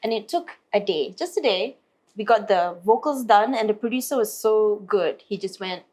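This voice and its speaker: A woman's voice: mid-range voice, moderate pace. A woman, a singer telling stories as an interview guest and acting out other people's lines. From Malaysia. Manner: lively, acts out other people's lines in put-on voices. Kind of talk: storytelling in an interview.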